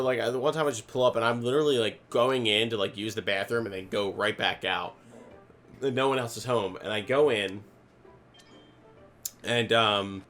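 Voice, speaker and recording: A man's voice: on the low side, pushed and bright. A young man telling a long, rambling story in a casual chat over a card game, full of "like" and restarts. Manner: rambling storyteller, heavy use of "like", many restarts. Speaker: podcast co-host. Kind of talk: casual chat while gaming.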